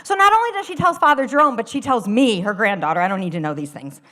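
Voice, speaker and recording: High-voiced woman telling a comic story. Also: fast talker. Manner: animated, comic, laughs at her own lines. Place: theater stage.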